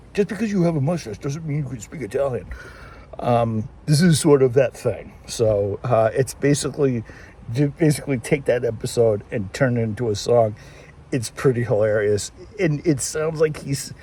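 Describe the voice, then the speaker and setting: A man's voice: mid-range voice, warm tone, a little hiss or hum. A man chatting casually in a walking vlog, rambling and restarting often, recorded on a handheld phone outdoors. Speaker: vlogger. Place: outdoors, walking through town.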